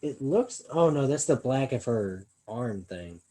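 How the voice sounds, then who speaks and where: Husky, dark-voiced man puzzling aloud. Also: mid-range voice, lively intonation, unhurried, low-quality recording. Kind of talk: casual chat.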